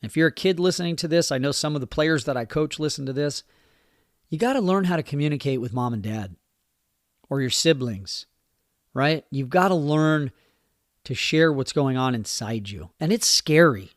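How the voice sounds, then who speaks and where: A man's voice: on the high side, animated, moderate pace, no echo, clean studio sound. A middle-aged man hosting his own podcast, talking earnestly and from the heart about growth and communication, leaning on key phrases. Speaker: podcast host and youth coach. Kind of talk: personal motivational podcast monologue.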